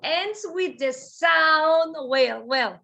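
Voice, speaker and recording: Slow, drilling woman pronunciation teacher. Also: high voice, expressive, gravelly, pushed and bright. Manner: repeats each word slowly for students to echo. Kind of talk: online class drill. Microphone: video call.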